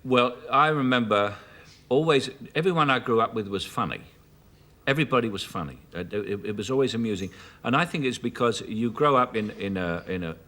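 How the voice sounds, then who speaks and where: A man in his fifties with a Cockney London accent, a chat show guest telling anecdotes with halting restarts and frequent chuckles. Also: mid-range voice, fairly bright tone. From South London, England. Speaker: actor guest. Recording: 1980s television studio broadcast.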